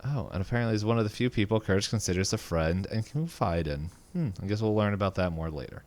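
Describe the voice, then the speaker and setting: A man's voice: on the low side, expressive, quick pace, darkish tone. A man co-hosting a podcast, recapping a cartoon episode in a rambling, casual way with many fillers and frequent chuckles. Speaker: podcast co-host.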